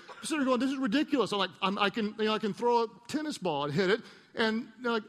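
Animated pastor preaching in a big hall. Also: male voice, high-pitched. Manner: animated storyteller, acts out voices and mocks himself. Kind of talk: sermon.

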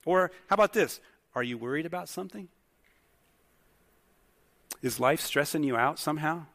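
A man's voice: a little high, animated, moderate pace, fairly bright tone. A male pastor preaching a sermon in a conversational way, putting many questions to the congregation. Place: church hall with congregation. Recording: long hall reverb.

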